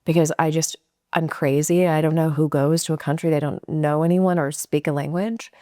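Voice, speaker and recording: A middle-aged woman from California telling a personal story in a casual, animated way, acting out the quotes. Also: deep voice, normal speed, dry recording, clean studio sound. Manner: animated, acts out quotes with laughs. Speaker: guest storyteller.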